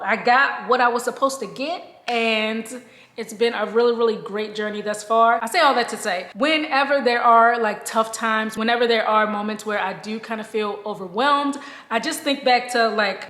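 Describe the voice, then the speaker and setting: A woman's voice: on the high side, fairly bright tone. Chatty woman vlogging in an echoey room. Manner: chatty, addresses viewers as "y'all", laughs often. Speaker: lifestyle vlogger and mom. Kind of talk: casual chat to camera. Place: at home, moved from outdoors to indoors.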